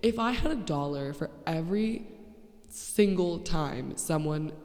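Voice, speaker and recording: A woman's voice: low voice, expressive, measured pace, darkish tone. A woman in her twenties hosting her podcast, telling stories in a blunt, sarcastic, profane way. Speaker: podcast host. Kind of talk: casual storytelling monologue. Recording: echoey, poorly placed handheld mic.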